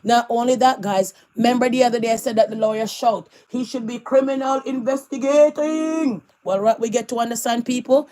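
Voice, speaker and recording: A woman's voice: on the high side, steady tone, quick pace, hardly any pauses, mellow. Sassy woman dishing gossip. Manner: sassy, laughs often between remarks. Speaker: vlogger. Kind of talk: celebrity gossip commentary.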